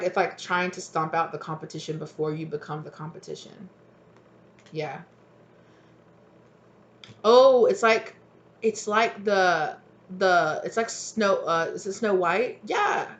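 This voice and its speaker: A tarot reader giving a rambling, animated channeled reading, acting out little dialogues. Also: medium pitch, muffled recording.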